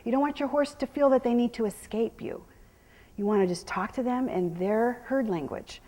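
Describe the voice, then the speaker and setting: A middle-aged woman horse trainer teaching a live clinic, calmly explaining as she works a horse and slipping into soft praise and hushed whispers to it. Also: fairly high pitch, brisk, big-room sound, slight background noise. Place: horse arena during a clinic.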